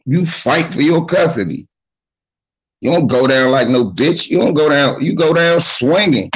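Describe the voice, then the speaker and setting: A man's voice: fairly high pitch, expressive, measured pace, breathy edge, rough recording. A man giving blunt, profane, streetwise advice in a casual monologue, acting out the voices of the people he talks about. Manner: acts out quoted voices of others.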